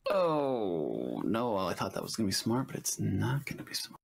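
A man playing a board game, thinking out loud and second-guessing his moves with self-deprecating humor. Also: on the low side, wildly swooping pitch, moderate pace, gravelly, slight background noise. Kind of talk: casual chat during a game.

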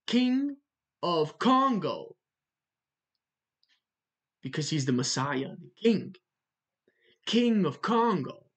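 A religious video narrator delivers a measured religious monologue in a medium-pitched voice, spelling words out letter by letter and repeating them for emphasis.

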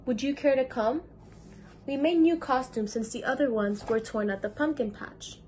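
A woman's voice: high-pitched, normal speed, a little mellow, slight background noise, natural voice. A teenage girl reading the lines of a mild, thoughtful male bear in a children's storybook. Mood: gentle.

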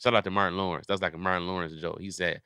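A man's voice: deep voice, flat delivery, rapid-fire, sharp tone, clear, resonant tone, no room sound, clean studio sound. A man hosting a comedy podcast, riffing in casual profane chat and acting out little scenes.

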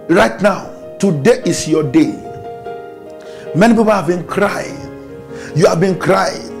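A man preaching a fervent prayer sermon, shouting repeated declarations and breaking into tongues. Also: high-pitched, animated, a little slow, creaky, soft background music. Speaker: pastor.

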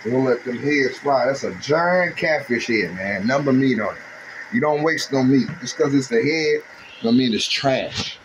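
A man's voice: medium pitch, lively intonation, a little slow, noisy background. A man doing a casual cooking demonstration, talking chattily to his viewers as he works. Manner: chatty, addresses viewers as you guys. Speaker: home cook.

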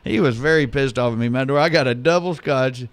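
A man's voice: medium pitch, fast talker, no echo. A man co-hosting a radio show, telling a long joke story in casual banter.

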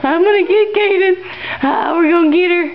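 A woman's voice: very high-pitched, moderate pace. A woman filming her twin babies at home, playing with them in sing-song baby talk that swoops up into squeals. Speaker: parent filming her twins. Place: home indoors. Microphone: handheld camera. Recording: muffled home camcorder audio with hiss.

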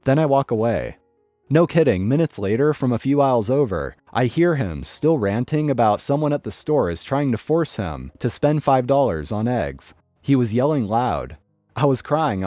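Lively male story narrator. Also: medium pitch, dry recording. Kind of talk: scripted narration.

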